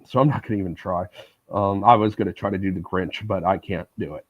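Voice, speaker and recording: A man's voice: low voice, steady tone, quick pace, no room sound, muffled recording. A man streaming live, chatting casually in a rambling, sarcastic way with many filler words.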